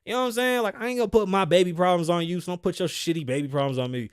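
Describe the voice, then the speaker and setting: A man in his thirties from the United States hosts a podcast, delivering a brash, profane, opinionated solo rant. His high-sitting voice is smooth and rapid-fire, captured in clean studio sound with no echo.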